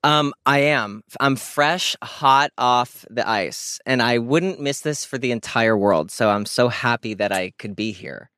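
A young man, a guest talking from inside a parked car, joking in a quick-witted, self-deprecating way. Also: medium pitch, pushed and bright, clear, resonant tone, dry recording, clean studio sound. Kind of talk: casual comedic interview chat.

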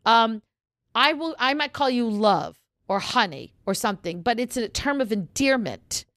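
A woman's voice: fairly high pitch, expressive, normal speed, a bit bright, dry recording. A woman from New York co-hosting a podcast, talking in a blunt, opinionated way and swearing freely. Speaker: podcast co-host. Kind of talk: casual chat.

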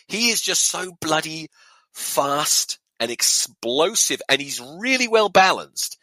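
A man's voice: on the high side, slow, dry recording. A young man hosting a podcast, ranting casually and profanely about rugby fans. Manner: lively, profane, ranting with mock voices. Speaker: podcast host.

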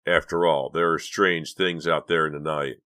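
A man voicing a reckless teenage boy prankster in an audiobook, with slow, drawn-out, menacing delivery. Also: very deep voice, little pitch movement, pushed and bright, no room sound, clean studio sound. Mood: teasing. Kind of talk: audiobook character voice.

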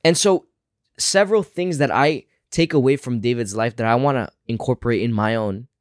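A man's voice: medium pitch, moderate pace, no room sound. A man with a mid-range voice reflects earnestly on faith, drawing lessons in a casual, sincere way. The recording is dry and close, with no room sound. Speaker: podcast co-host. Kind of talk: casual Bible discussion.

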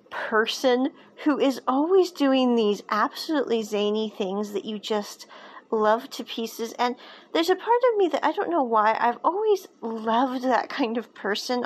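A woman with a fairly high voice talks through a show she loves in a loose, casual chat. She gushes with enthusiasm and wanders off on tangents before pulling herself back. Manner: enthusiastic, digressive. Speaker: show reviewer.

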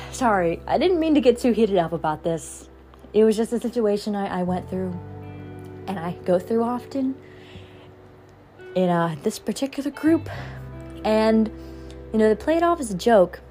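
A woman's voice: medium pitch, expressive, normal speed, long pauses, darkish tone, soft background music. A young woman hosting a podcast, talking in a frustrated, heated casual monologue. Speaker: podcast host.

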